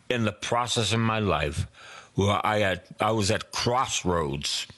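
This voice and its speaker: Male preacher, measured and emphatic, very lively pitch, hushed prayer asides. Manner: slow, emphatic preaching with soft whispered prayers. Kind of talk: sermon.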